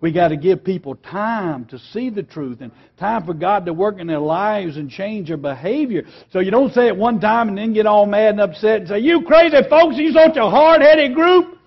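A man teaching a lesson on preaching, emphatic and earnest, slowing down and dropping quiet on key words. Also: high-pitched, husky, muffled recording. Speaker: preaching instructor.

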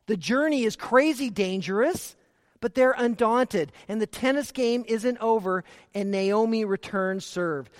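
Preacher, male, high-pitched voice, emphatic delivery with hushed drops; sanctuary reverb. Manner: earnest, emphatic, shifting between loud stresses and quiet low asides. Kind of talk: sermon.

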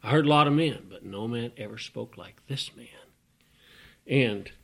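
A man's voice: mid-range voice, normal speed, creaky, breathy edge. A man preaching a folksy, emphatic sermon, with sudden rising bursts.

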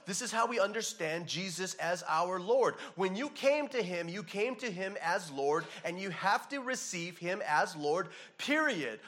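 Guy preaching, fairly high voice that swings all over, hammers single words, lots of restarts. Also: measured pace, few pauses. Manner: animated preaching with repeated restarts and acted-out asides. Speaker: pastor. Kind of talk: sermon.

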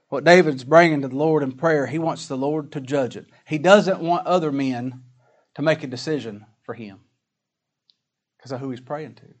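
Folksy man preaching a slow-read sermon. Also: fairly high pitch. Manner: folksy preaching, rhetorical questions, slow emphatic scripture reading. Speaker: pastor.

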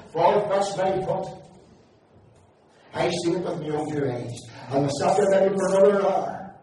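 Preacher in an echoey hall. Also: male voice, high voice, measured pace, dark tone, a little hiss or hum. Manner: fervent storytelling with folksy asides. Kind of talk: sermon testimony. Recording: echoey hall, distant mic.

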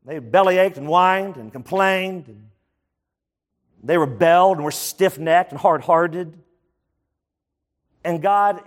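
High-voiced preaching man. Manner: preacherly, emphatic, asks the congregation questions. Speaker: pastor. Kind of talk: sermon.

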